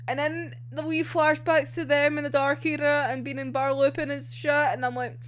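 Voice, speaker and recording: Young woman, casual recap, swears a lot, laughs often, lively swooping voice. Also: sits high. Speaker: anime reviewer.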